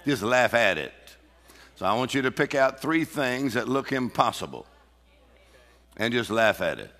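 Gravelly fervent preacher in a big hall. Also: male voice, medium pitch, expressive, moderate pace, pushed and bright. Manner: fervent preaching with call-and-response and repeated laughter. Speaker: pastor. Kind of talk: sermon. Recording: reverberant hall.

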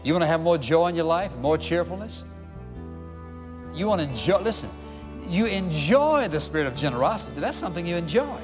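A man's voice: a little high, very animated, brisk, over music. Man preaching in a reverberant hall. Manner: emphatic preaching with repeated rhetorical questions. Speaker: pastor. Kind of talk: sermon.

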